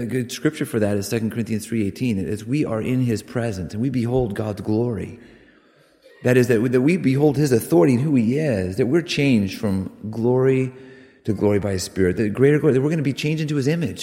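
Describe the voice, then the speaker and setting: A man preaching a sermon, earnest and emphatic, with sudden loud rises on key words. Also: mid-range voice, quick pace. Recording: long reverb of a hall.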